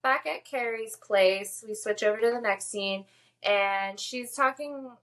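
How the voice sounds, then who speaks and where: A woman's voice: mid-range voice, measured pace, fairly bright tone. A woman co-hosting a podcast, recapping a TV episode in casual, enthusiastic chat with many filler words. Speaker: podcast co-host.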